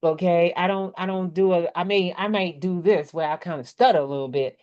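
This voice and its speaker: A woman from the Maryland area, her voice on the low side, a little fast and darkish, speaks with a slight country twang. She presents business speaking skills in a casual workshop, coaching and chatting while checking in with "okay? right?" Recorded indoors at a computer on a desk microphone and webcam, the sound is dull lo-fi.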